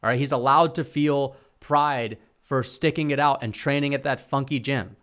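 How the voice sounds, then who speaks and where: A man's voice: mid-range voice, fairly even intonation, moderate pace, fairly bright tone. A young man giving heated, opinionated solo commentary on fighters, full of slang and swearing. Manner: heated, slangy, swears, says bro and dude. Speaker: MMA commentary youtuber.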